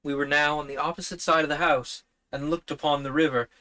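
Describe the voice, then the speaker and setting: Bright-voiced man reading a novel aloud. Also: fairly high pitch, steady tone. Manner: unhurried, measured storytelling.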